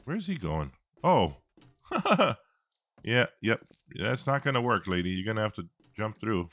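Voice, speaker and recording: A man's voice: fairly low pitch, lively intonation, normal speed, fairly bright tone. A man commentating his own gameplay, reacting, joking and swearing as he fights. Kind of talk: let's-play commentary.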